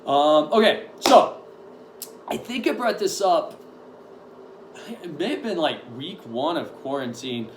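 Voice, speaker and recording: A man's voice: a little high, expressive, slow, pauses often. Upbeat male gym coach, echoey room. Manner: upbeat, rambling with many ums. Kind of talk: casual gym update and workout briefing. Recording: echoey room with faint noise.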